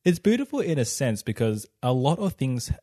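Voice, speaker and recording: Teasing young Australian man, dark tone. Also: medium pitch, very animated, no echo, clean studio sound. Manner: teasing, joking, quick asides. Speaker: vlog co-host. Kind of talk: casual couple chat.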